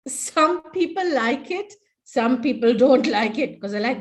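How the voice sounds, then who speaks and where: Slow-talking woman webinar presenter. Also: sits high, big pitch swings. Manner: playful, coaxing, laughs often. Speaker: webinar presenter leading laughter exercises. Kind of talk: online webinar talk. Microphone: video call.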